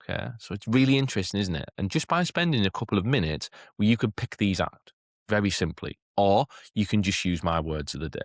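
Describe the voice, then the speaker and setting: Deep-voiced man explaining teaching. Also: expressive, brisk, dry recording, clean studio sound. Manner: chatty, keeps asking "okay?"; lifts into a bright classroom voice for demonstrations. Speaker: teacher trainer. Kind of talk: teacher training talk.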